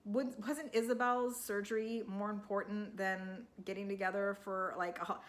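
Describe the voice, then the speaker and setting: A woman's voice: medium pitch, steady tone, normal speed. A woman talking through a TV episode recap in a casual, emotional, rambling way, full of restarts. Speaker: TV recap vlogger.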